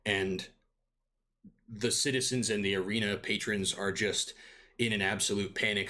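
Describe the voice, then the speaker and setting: A man's voice: deep voice, pushed and bright. A man narrating as dungeon master in a loose, improvised way, full of fillers and searching for words. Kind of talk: improvised tabletop game narration.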